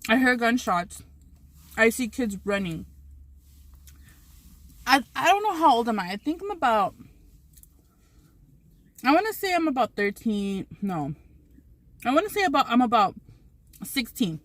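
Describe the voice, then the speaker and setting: A woman's voice: a little high, sing-song, measured pace, long pauses, no room sound. A woman vlogger telling a story while eating on camera, rambling with many restarts and swearing freely.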